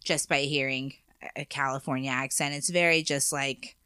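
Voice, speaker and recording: A woman's voice: very deep voice, fairly even intonation, moderate pace, sharp tone, smooth, no echo, studio quality. A woman co-hosting a casual chat, talking freely with frequent laughs and hesitant restarts. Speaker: podcast co-host.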